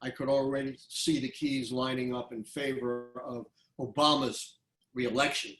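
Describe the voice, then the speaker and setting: A man in his seventies from Brooklyn, a history professor giving a public lecture, telling stories in an animated, emphatic way with quick asides. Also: medium pitch, echoey room, poor audio. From Brooklyn, USA.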